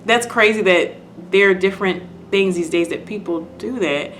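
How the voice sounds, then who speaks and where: A woman's voice: mid-range voice, normal speed, fairly bright tone, soft background music. A woman casually recapping and reacting to a TV episode, chatty and repetitive, with lots of "like" and "you know". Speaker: video host.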